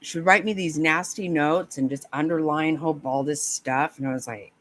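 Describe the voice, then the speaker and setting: A woman's voice: low-pitched, moderate pace, hardly any pauses, a little hiss or hum. A woman chatting casually with viewers on a live stream, laughing often, swearing and rambling in a flustered way.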